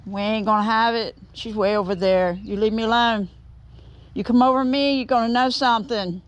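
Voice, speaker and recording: Her voice is slightly high, clean and steady, though the recording is muffled; she talks at a moderate pace. Working in her outdoor workshop, this woodturning vlogger chats rambly with viewers and waves off a bee.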